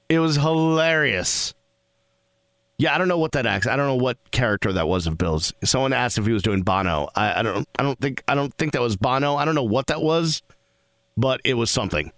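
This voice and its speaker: Animated male sports radio host. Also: mid-range voice, no room sound. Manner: animated, laughing and rambling. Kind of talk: call-in radio banter.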